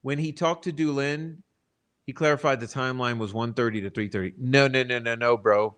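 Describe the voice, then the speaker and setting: Male channel host, mid-pitched voice, swears freely, talks to his viewers in an exasperated rant. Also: steady tone, a little fast, a bit bright, clear, resonant tone. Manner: profane, blunt, exasperated; addresses the chat directly. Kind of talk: ranting true-crime commentary.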